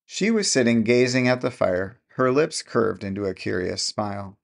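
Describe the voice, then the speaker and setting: A male narrator reads a classic short story in a measured, unhurried storytelling manner. His voice sits low and has a gravelly, fry-touched texture. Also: animated. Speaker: audiobook narrator. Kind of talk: scripted narration.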